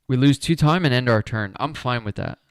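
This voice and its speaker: A man's voice: mid-range voice, lively intonation, fairly quick, clean tone, no echo, clean studio sound. A man talking himself through a solo board game playthrough, chatty and upbeat as he explains each move.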